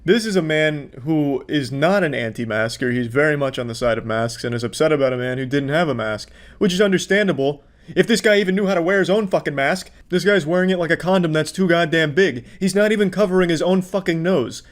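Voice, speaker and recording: A man riffs sarcastically over clips with a slightly raised pitch. He swears freely and mocks everyone he watches. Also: brisk. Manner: sarcastic, profane, mocking. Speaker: commentator. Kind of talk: mocking reaction commentary.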